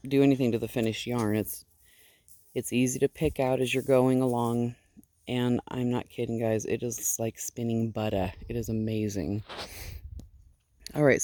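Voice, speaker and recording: Husky-voiced woman chatting at the barn. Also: a bass voice, dark tone, no room sound. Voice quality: husky morning voice. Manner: chatty and digressive, easily distracted. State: just woken up, yawning. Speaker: sheep farmer and fiber seller. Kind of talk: casual chatty vlog. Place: outdoors at a barn. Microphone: handheld phone.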